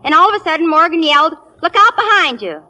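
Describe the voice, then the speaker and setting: Sassy wisecracking sidekick, high bright voice, lively, deadpan jokes. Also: female voice, quick pace, exaggerated voice. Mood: wry. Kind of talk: 1930s radio comedy acting.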